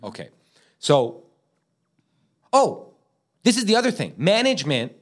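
A man's voice: unhurried, long pauses. A man hosting a parody business podcast, joking with mock confidence. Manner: mock-confident, joking, lively swings in pitch. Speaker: podcast host.

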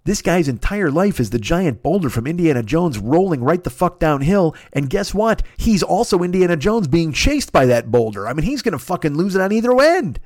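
A man's voice: very animated, fairly quick, few pauses, a little mellow, no echo. Profanity-heavy ranting man, dry sound. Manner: heavy swearing, ranting, incredulous; mocks others in a high whiny voice. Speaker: podcast host. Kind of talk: profane comedic rant.

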